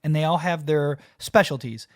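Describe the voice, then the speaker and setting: A man's voice: on the high side, normal speed, no echo, studio quality. A man hosting a reaction video, talking casually and emotionally to his viewers as he watches. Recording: loud music playing behind voice.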